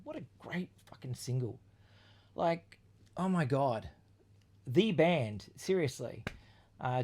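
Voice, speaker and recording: A man's voice: medium pitch, darkish tone. A man hosting a casual video about his record collection, talking with rambling enthusiasm, swearing freely and leaning on fillers. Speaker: vlog host reviewing his record collection. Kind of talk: casual chat.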